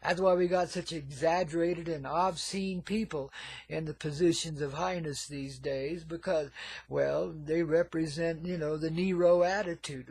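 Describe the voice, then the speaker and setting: Older male radio host, a bit high-pitched, laid-back hippie monologue, calls everyone man and babies. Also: moderate pace, creaky, husky. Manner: swings between murmured asides and loud outbursts. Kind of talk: rambling monologue.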